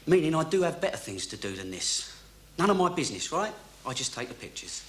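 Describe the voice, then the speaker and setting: Surly evasive photographer, bright voice, lively pitch. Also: male voice, a little fast, a little hiss or hum. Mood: grudging. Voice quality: grudging, defensive. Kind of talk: 1980s TV crime drama acting.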